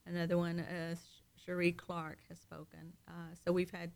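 A guest on a talk show speaks in a mid-pitched voice with a gravelly edge. They chime in with frequent yeses and mm-hmms and then offer their own views. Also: completely flat delivery, moderate pace. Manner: frequent affirming backchannels. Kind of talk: casual talk show chat.

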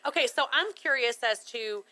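A woman's voice: a little high, animated, moderate pace, bright, forceful tone. A woman co-hosting a radio interview, asking curious, friendly questions. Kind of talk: casual interview chat.

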